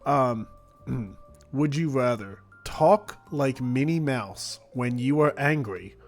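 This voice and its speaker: A man's voice: mid-range voice, expressive, slow, soft background music. A man hosting a casual call-in show, asking his guest lighthearted questions. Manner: easygoing, asks questions. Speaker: host. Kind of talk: casual interview.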